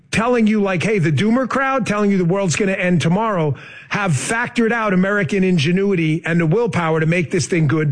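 A man hosting a political talk show, combative and sarcastic, often rising into heated outbursts. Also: high-pitched. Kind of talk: opinionated political commentary.

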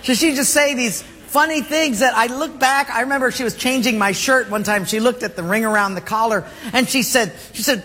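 A man's voice: very high-pitched, fairly quick, few pauses, bright, forceful tone. A man preaching a sermon as a pastor, telling jokey stories and laughing along with them. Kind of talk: humorous sermon storytelling. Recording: long hall reverb, faint background noise.

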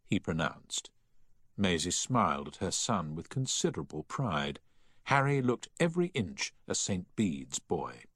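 A man narrating a story in a measured, expressive reading. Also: low voice, husky, dry recording, studio quality. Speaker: audiobook reader.

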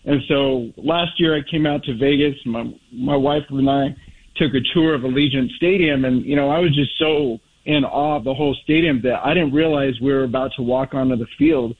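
A man's voice: medium pitch, normal speed. A man from Northern California calling into a radio show, heartfelt and rambling. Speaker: caller. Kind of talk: phone-in call. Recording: tinny phone line.

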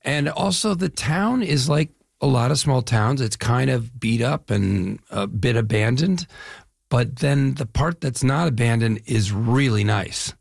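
Interview guest, older man from the Chicago area, husky gravelly voice, dry sound, easygoing anecdotes. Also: medium pitch, no room sound. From Chicago area, US Midwest. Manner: relaxed storytelling, drawn-out phrases, frequent "yeah". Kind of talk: casual interview conversation.

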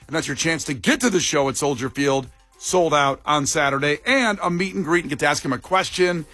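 Husky upbeat male radio host. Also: on the high side, fairly quick, pushed and bright, dry recording, soft background music. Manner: upbeat, jokey, mock-impersonates callers. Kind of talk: morning radio banter.

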